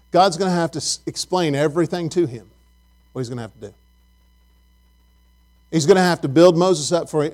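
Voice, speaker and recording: A man's voice: high-pitched, darkish tone. A man preaching a Bible lesson, asking his listeners questions and often repeating words as he goes.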